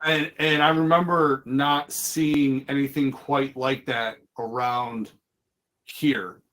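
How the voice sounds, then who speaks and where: A man's voice: mid-range voice, steady tone, slow pace, bright, forceful tone. Rambling middle-voiced podcast host, a man. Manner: rambling, restarts his sentences and acts out other people's lines. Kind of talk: casual podcast chat.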